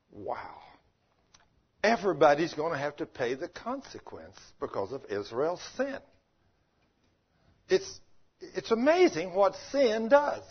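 A folksy male preacher with a high, husky voice who keeps turning to his listeners with questions. The recording is dull and lo-fi. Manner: folksy, conversational, asks the congregation questions. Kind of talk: sermon.

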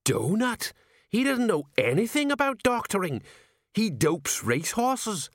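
A man doing a fretful old sergeant, pitched high. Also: big pitch swings, a little slow, no echo, studio quality, exaggerated voice. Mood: alarmed. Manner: worried, protesting questions. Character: anxious, fretful middle-aged male watch sergeant. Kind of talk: audiobook character voice.

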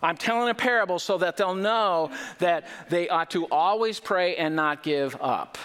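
A man's voice: high voice, moderate pace, clean tone. Man preaching in an echoing hall. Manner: conversational, animated preaching with rhetorical questions. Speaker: pastor. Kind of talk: sermon. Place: church. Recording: reverberant hall.

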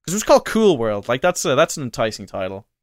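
A man's voice: medium pitch, sing-song, fast talker, no echo. A man rambles through a long story on a casual podcast, full of fillers and restarts. His voice sits in a middle register. The sound is dry and close, with no room around it. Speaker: podcast co-host. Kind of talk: casual chat.

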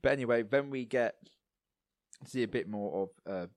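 A man co-hosting a casual podcast chat, rambling with lots of fillers and going a little hoarse. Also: medium pitch, normal speed, dry recording. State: losing his voice, coughing. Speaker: podcast co-host.

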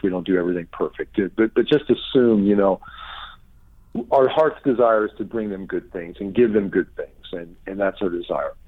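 This middle-aged man is a pastor and author being interviewed as a guest, and he tells stories of healing in a relaxed, conversational way. When quoting others he performs their lines, his pitch leaping high with animated flair. The audio sounds thin and tinny, like a phone call.

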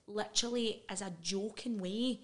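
A woman's voice: medium pitch, fairly even intonation, fairly bright tone. A middle-aged Scottish woman, a podcast guest, talking frankly and earnestly about her past in a candid interview. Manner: earnest, frank, quick asides and laughs.

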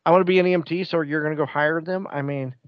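A man's voice: on the high side, quick pace, clear, resonant tone, dry recording, dull audio. Joking bus driver man in casual chat. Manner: joking, animated storytelling.

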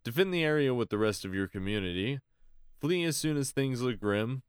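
A man's voice: mid-range voice, animated, fairly quick, smooth, no echo, clean studio sound. A man co-hosting a casual podcast, laid-back and swearing casually as he answers quiz questions. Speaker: podcast co-host. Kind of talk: casual chat.

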